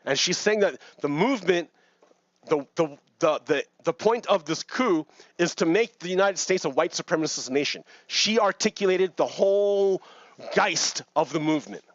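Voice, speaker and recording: A man's voice: high-pitched, expressive, normal speed, dry recording, highs cut off. A man giving casual, rambling commentary on news clips, repeating words and laughing between points. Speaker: video commentator.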